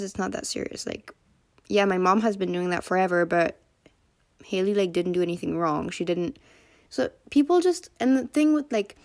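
A young woman hosting a solo podcast, chatting casually with lots of fillers and animated quoting of others. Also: mid-range voice. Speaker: podcast host.

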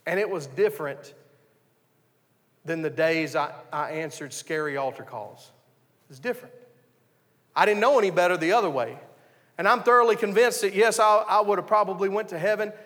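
High-voiced pastor, reverberant hall. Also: male voice, normal speed, pauses often, a bit bright. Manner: earnest storytelling with frequent restarts. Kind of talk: conversational sermon.

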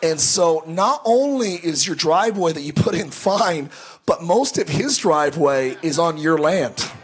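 A male pastor telling stories in a sermon, animated and joking, often stumbling and restarting his words. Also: a little high, measured pace, a little hiss or hum. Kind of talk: sermon storytelling.

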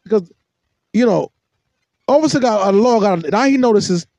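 Brief: sarcastic male podcast host, high and swooping pitch, bone-dry recording. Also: lively intonation, moderate pace, darkish tone, no room sound. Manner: mocking, sarcastic, swings between shrill and low. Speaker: podcast host commentating on a clip. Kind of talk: reaction commentary.

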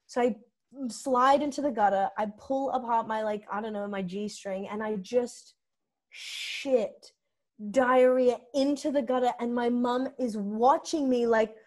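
Animated young Australian woman telling stories. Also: on the high side, unhurried. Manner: animated, swings into acted-out quotes. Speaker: podcast guest, comedian. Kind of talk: candid comic storytelling.

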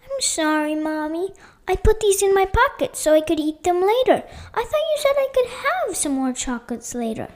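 A woman puts on a small girl caught sneaking chocolate, her voice climbing high and sweeping up and down as she pleads and apologizes. She sounds sulky and childish in a spoken storybook reading. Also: sing-song, normal speed, a little mellow. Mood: pleading. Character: little girl, whiny and sweet-toothed.

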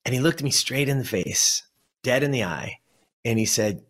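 A man's voice: medium pitch, animated, normal speed, a bit bright. A man in his fifties from Southern California, a coach and former athlete, telling an emotional personal story in earnest, repeating phrases for emphasis and speaking straight to the listener. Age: 50s.

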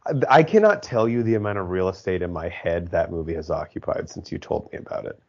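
Man, low voice, casual podcast riffing, laughing, swearing, dull lo-fi sound. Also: expressive, fast talker, a little mellow. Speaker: podcast co-host. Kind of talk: casual movie commentary chat.

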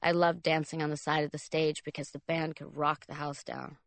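Low, dry-voiced woman reading a memoir. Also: level tone, brisk, dry recording. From Italy. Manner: dry, wry first-person storytelling. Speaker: memoir reader. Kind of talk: audiobook narration.

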